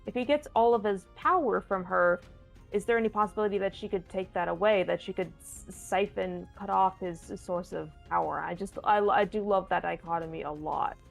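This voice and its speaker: Filling in as host on a live tabletop game stream, a woman fields viewer questions in a playful, chatty, rambling way, restarting often. Her voice is mid-range and gravelly, at a moderate pace, with soft music in the background. It's casual live-stream chat.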